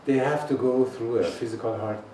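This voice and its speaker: A man leading a guided meditation as a healing teacher, intoning slowly and deliberately with long pauses. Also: medium pitch, dark tone. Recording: roomy echo, voice far from the mic, faint noise.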